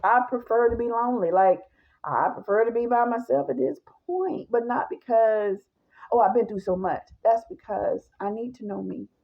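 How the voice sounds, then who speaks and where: Gravelly woman giving testimony. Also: a little high, muffled recording. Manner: emphatic, speaks straight to listeners as y'all. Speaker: woman sharing her testimony. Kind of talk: personal testimony monologue.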